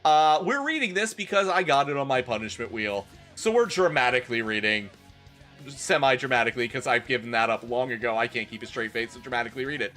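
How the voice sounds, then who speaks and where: Excitable bright-voiced male streamer. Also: mid-range voice, fast. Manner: excitable, swears freely, laughs at the text. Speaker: streamer reading a fanfic aloud. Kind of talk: comedic live-stream chat. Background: faint rock music.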